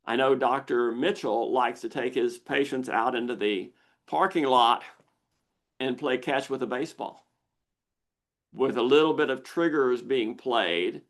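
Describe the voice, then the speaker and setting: An older man hosting a live Q&A on a video call, explaining patiently and acting out the brain's inner voice with lively exclamations. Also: mid-range voice, measured pace. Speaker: misophonia researcher hosting a Q&A.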